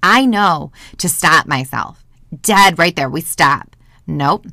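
A woman's voice: sits low, expressive, slow, pushed and bright, no echo, clean studio sound. A woman hosting a podcast alone, talking passionately and candidly into a microphone, swearing freely, from a closet at home. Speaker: podcast host. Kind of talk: casual motivational monologue. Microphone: studio microphone.

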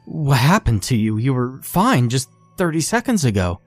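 Brief: a man voicing a terrified, confused college guy; rushed and stammering. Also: mid-range voice, expressive, breathy edge, no room sound, soft background music. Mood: shaken. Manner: quick, panicked, stammering. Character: young male student, frightened and confused.

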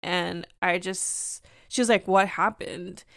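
Candid podcast host woman, smooth dry voice. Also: lowish voice, fairly even intonation, slow, fairly bright tone, no room sound. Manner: candid, confessional, rambling storytelling; drops into Spanish phrases. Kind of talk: personal podcast monologue.

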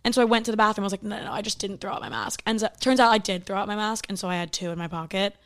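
Animated young woman telling a story. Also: mid-range voice, racing. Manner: animated storyteller, acts out quotes. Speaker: podcast co-host. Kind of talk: casual chat.

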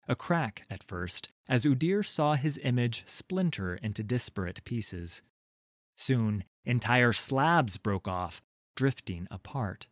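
Slow, measured male fantasy narrator. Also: mid-range voice, dry recording, clean studio sound.

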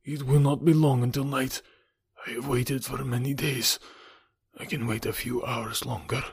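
A man voicing a starving, greedy Russian castaway who sounds weak and breathy. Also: mid-range voice, flat delivery, moderate pace, no echo, pitched above the performer's own voice. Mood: grudging.

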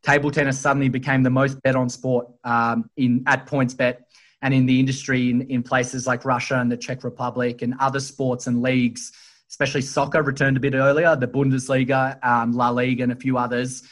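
A man's voice: medium pitch, little pitch movement, fairly quick, a bit bright. A man talking as a guest in a podcast interview, explaining at length with frequent fillers and restarts. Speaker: sportsbook executive guest.

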